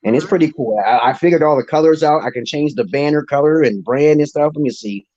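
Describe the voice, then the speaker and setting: A man's voice: a little high, a little fast, darkish tone, no echo. A man hosting a livestream in casual chat, rambling, profane and boastful, talking into his phone. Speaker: livestream show host. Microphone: phone, streaming from a mobile. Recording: dull lo-fi stream audio, dry.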